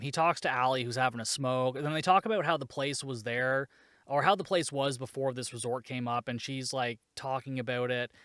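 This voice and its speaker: A man's voice: medium pitch, fairly bright tone, clean tone, dry recording, clean studio sound. Sarcastic man recapping a film. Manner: sarcastic, swears freely, laughs at the plot. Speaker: podcast host reviewing a movie. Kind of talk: casual solo recap.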